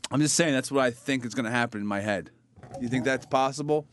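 A man co-hosting a casual podcast, joking and swearing, with sudden bits in silly shrill voices. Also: fast talker, a little hiss or hum. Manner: goofy, profane, bursts into loud high-pitched mock voices. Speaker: podcast co-host. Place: small podcast studio.

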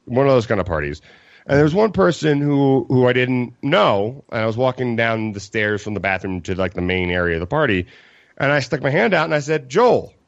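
A man's voice: mid-range voice, animated, a little fast, creaky, no room sound. A young man from Colorado, co-hosting a casual podcast, telling a story with lots of acted-out quotes, fillers and swearing. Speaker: podcast co-host. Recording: dull lo-fi podcast mic, dry.

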